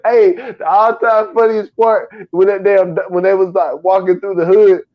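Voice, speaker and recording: A man's voice: high-pitched, normal speed, muffled recording. A man co-hosting a casual podcast, retelling a comedy film scene by scene with lots of laughter and acted-out quotes. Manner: animated storytelling, laughs often, acts out quotes. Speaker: podcast co-host. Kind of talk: casual movie recap chat.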